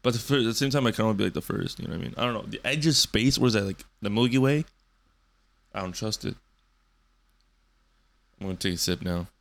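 Young dude rambling on his own podcast, low gravelly voice, swears a bunch. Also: fast talker, long pauses. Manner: rambling, loose, swears a lot. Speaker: podcast host. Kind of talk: solo casual podcast.

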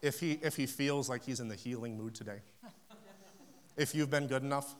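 A male preacher delivering a camp-meeting sermon in a steady mid-range voice. He tells stories with passion and acts out conversations. His delivery swells to sudden emphatic peaks. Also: mid-range voice, moderate pace. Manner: storytelling, acting out phone conversations. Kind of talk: sermon with personal story.

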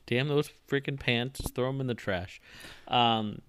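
A man's voice: medium pitch, measured pace, a bit bright, a little hiss or hum. A man hosting a podcast, chatting casually about sports in a laid-back, teasing way. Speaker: podcast host.

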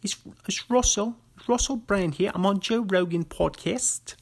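A man putting on an exaggerated chatty British man impression, high and sing-song, with a mock British accent. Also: normal speed, vocal fry.

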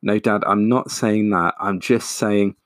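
A man's voice: lowish voice, steady tone, a little slow, no room sound, studio quality, lightly acted. A man voicing an anxious young woman who talks in an earnest, cautioning way.

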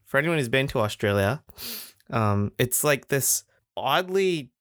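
A man talks casually on a podcast, winding through his stories with frequent laughs. His voice sits at a middling pitch. It sounds close and dry, with almost no room around it. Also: lively intonation, a little slow, fairly bright tone, smooth, no room sound. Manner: rambling, laughing storyteller. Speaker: podcast co-host. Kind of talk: casual chat.

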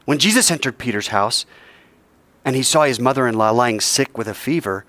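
A man teaching a Bible class in a conversational way, asking rhetorical questions and dropping to hushed tones. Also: medium pitch, lively intonation, brisk, dry recording.

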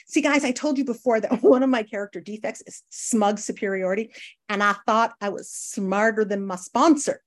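A woman's voice: fairly high pitch, fairly quick. Woman telling her recovery story to a meeting, chatty, speaks straight to the group. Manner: conversational, addresses listeners as guys, frequent tag questions; acts out quoted people with lively voices. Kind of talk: personal recovery share.

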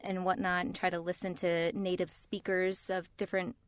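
A woman voice actor in casual chat, telling stories in a lively, animated way. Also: on the low side, normal speed, no echo. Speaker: voice actor, podcast co-host.

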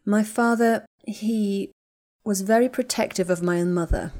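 A woman's voice: mid-range voice, a little slow, a little mellow, natural voice. A woman reading the lines of a guarded, bitter young wizard man in a storybook, speaking in terse, clipped lines.

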